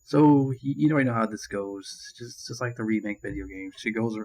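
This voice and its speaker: A man with a lowish, slightly quick voice and a darkish tone rambles through a casual movie review, ranting in annoyance amid constant swearing and crude jokes. The audio quality is poor.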